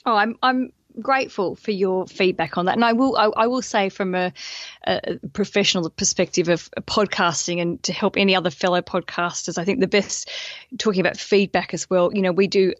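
An Australian woman chatting on a podcast, animated and self-mocking, jumping between thoughts. Her voice sits at an ordinary middle pitch and comes through dry and slightly dull, like a remote call recording. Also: a little fast, no room sound. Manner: lively, joking, self-deprecating, rambling with restarts. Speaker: podcast guest, wedding business owner. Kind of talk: casual podcast interview.

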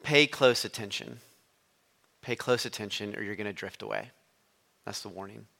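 A man's voice: on the low side, moderate pace, creaky, bright, forceful tone. A man preaching a sermon as a guest, telling a story in a conversational way.

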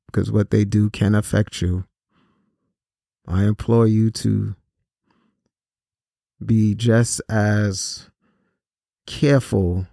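Talking to young people about his own life, this host and violence-prevention speaker uses a low, gravelly voice with a dark, mellow tone. His delivery is earnest and measured, with frequent pauses on fillers, and the sound is close and dry, without any echo.

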